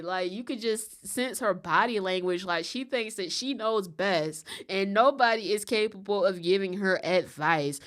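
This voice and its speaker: A woman's voice: mid-range voice, normal speed, hardly any pauses. A woman giving casual reaction commentary in a sarcastic, exasperated way.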